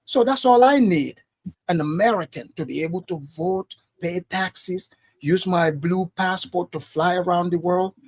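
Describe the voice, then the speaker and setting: A man's voice: high-pitched, measured pace. A man defending himself in a heated casual debate, insistent and repeating himself.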